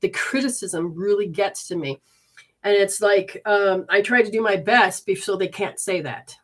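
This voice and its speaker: A woman leading a live healing session and giving readings, soothing and coaxing with repeated instructions. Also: mid-range voice. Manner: talks to viewers and spirits, switches fast between voices.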